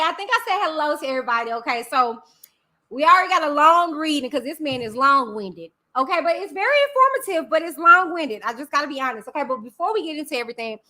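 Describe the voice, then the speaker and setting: Bright, high-voiced chatty woman streamer. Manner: chatty, greets viewers by name, drawn-out affectionate greetings. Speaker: livestream host. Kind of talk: casual live-stream chat. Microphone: computer mic in live stream software.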